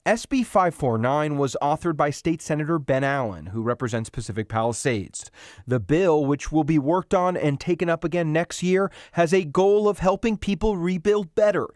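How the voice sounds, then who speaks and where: A man reporting as a TV newscaster, measured and formal in a scripted news report. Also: a little high, no echo, studio quality.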